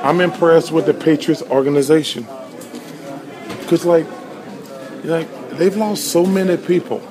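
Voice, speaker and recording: A man's voice: on the high side, fairly even intonation, a little slow. Brash man in a crowd. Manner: brash, teasing, loud. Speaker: interviewed fan. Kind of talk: street interview clip. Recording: played clip with crowd noise.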